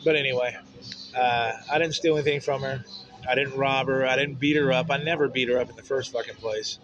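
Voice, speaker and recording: A man's voice: mid-range voice, steady tone, fairly quick, dull audio, a crowd in the background. A man ranting bluntly and profanely in a rambling personal vent to camera. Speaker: vlogger.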